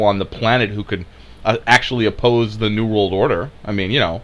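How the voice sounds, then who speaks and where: A man's voice: fairly low pitch, moderate pace. A man giving a sarcastic, profane political rant, rambling with fillers. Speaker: video uploader and commentator.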